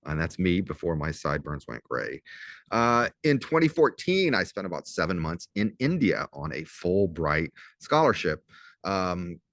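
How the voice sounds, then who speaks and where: A man's voice: sits low, very animated, a bit bright, no room sound, studio quality. A man in his fifties with a slight Southern accent, a professor introducing himself to his students in a casual recorded lecture, chatty with wry asides. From southern Louisiana. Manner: chatty, wry asides, spells words out slowly.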